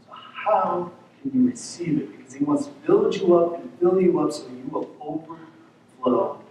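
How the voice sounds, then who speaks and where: A man's voice: a little high, animated, moderate pace, a little mellow, a little hiss or hum. A male pastor giving an earnest, conversational sermon, often repeating words as he goes. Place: church sanctuary. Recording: echoey church sanctuary, mic at a distance.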